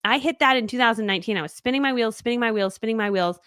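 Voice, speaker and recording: A middle-aged woman giving a live online business training, chatty and animated, acting out little back-and-forth dialogues as she teaches. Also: a little high, very fast, smooth, no echo, studio quality.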